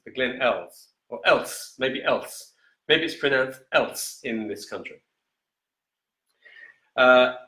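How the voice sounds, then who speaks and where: A man hosting a live-stream whisky quiz in a casual, chatty way, reading each question slowly and repeating it. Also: fairly high pitch, pushed and bright. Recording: echoey room.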